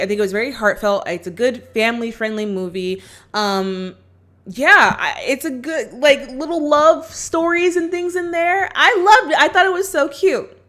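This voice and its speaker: With a fairly bright voice on the high side, a woman vlogger gives her viewers a chatty, upbeat recap of a movie plot. She acts out what the characters say while retelling it.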